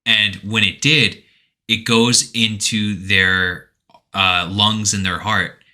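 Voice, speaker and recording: A man's voice: on the low side, flat delivery, slow pace, pushed and bright. A man co-hosting a podcast, casually retelling a game's story and acting out quoted lines with animation. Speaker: podcast co-host. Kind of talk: casual chat retelling a game plot.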